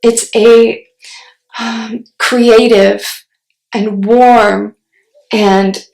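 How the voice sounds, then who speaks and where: A woman reading tarot cards in an unhurried, reflective way, pausing often to ask spirit questions between cards. Her fairly high voice carries a gravelly fry. The recording sits in a roomy, echoey space. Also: fairly even intonation, a little mellow. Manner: slow, musing, talks to spirit mid-reading. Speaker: tarot reader. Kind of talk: solo tarot reading to camera. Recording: roomy echo.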